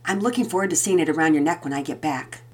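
A woman voicing a loving, gentle mother in a storybook reading, with a soft, sweet tone. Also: low-pitched, animated, quick pace.

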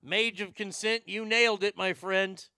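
A man telling profane, rambling personal stories to a live chat, animated and quick to joke. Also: sits high, clear, resonant tone, no room sound, studio quality. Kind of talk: storytelling stream chat.

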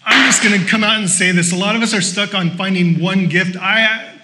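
A male pastor preaches with a high-pitched voice. His tone is bright and ringing. He keeps the sermon conversational and playful, then drives his points home with short, repeated urgings. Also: fairly quick, slight background noise. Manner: lively and conversational, with joking asides; exhorting, repeating short phrases.

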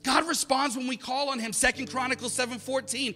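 A man in his thirties preaching as a pastor, building from soft, quiet passages to loud, emphatic calls. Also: very high voice, steady tone, fairly quick, few pauses, in a large hall, faint music behind. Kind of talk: sermon.

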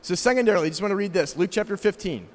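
A man's voice: high-pitched, expressive, racing, big-room sound. A middle-aged man with a slight South African accent preaching a sermon as pastor, emphatic and asking the congregation rhetorical questions. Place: church sanctuary.

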